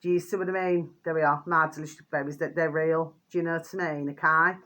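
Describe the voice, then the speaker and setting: A woman's voice: deep voice, fairly even intonation, fast talker, a bit bright. A middle-aged woman from Birmingham with a Birmingham accent and a hint of Yorkshire, rambling casually to camera as a vlogger and repeating her pet phrases. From Birmingham, England.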